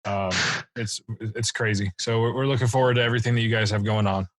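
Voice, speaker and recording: A man co-hosting a casual podcast, relaxed and jokey as he thanks a guest and chats. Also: on the low side, fast talker. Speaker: podcast co-host.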